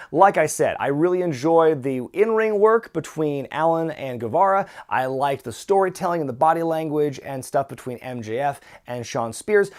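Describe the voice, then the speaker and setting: Opinionated male wrestling reviewer. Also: a little high. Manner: opinionated, conversational, with frequent fillers. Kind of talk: casual review commentary.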